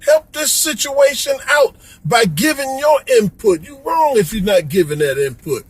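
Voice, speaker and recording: A middle-aged man from Chicago, in Florida, delivers an impassioned, pleading vlog rant, repeating "come on, man." His very high voice is sing-song and breathy at normal speed, on a dry, poor-quality recording.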